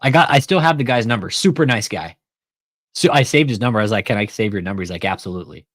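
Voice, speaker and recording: Low-voiced man telling a profane story. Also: animated, fast, no room sound, clean studio sound. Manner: profane, retells phone calls with quoted dialogue. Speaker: commentary channel host. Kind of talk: casual commentary chat.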